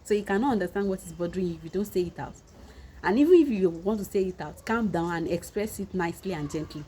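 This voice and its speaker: A woman's voice: lowish voice, warm tone, slight background noise, rough recording. A woman with a Nigerian Yoruba accent, giving earnest, repetitive marriage advice in a casual monologue.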